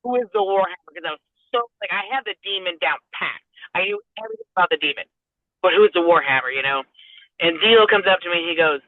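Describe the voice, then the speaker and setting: A woman's voice: lowish voice, expressive, fast, dry recording. A woman from Southern California, a professional wrestler guest, telling a long story casually and acting out the other people's lines with a laugh now and then. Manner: rambling, acts out quoted dialogue, laughs often. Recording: tinny phone-like dry sound.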